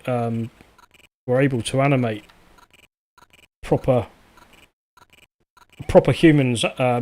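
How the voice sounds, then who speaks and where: Male streamer, mid-pitched, casual and hesitant, chatting to a live audience while gaming. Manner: relaxed, hesitant, chatting to viewers. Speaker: game streamer.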